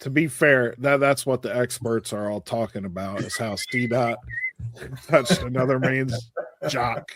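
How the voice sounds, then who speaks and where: A man co-hosting a podcast, teasing his friends in relaxed chat. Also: mid-range voice, unhurried, dry recording. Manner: laid-back, teasing. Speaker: podcast co-host. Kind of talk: casual chat.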